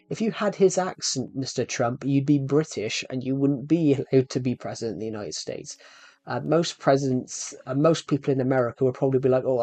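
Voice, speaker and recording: This is casual gaming live-stream talk from a man who rambles and talks right to his viewers. His medium-pitched voice is a little mellow, and there's no room sound.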